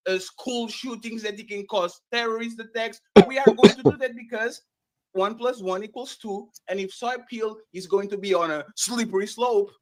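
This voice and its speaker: A man debating on a casual live panel, animated and argumentative, often stumbling and restarting mid-sentence. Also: high voice, moderate pace.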